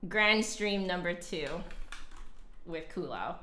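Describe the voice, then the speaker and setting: Casting: young woman streamer, chatty and giggly, bright tone, slow unhurried delivery, slightly winded. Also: lowish voice, lively intonation, a little hiss or hum. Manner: chatty, giggly, reads chat aloud. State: a little out of breath. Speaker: flutist streamer. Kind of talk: casual live-stream chat.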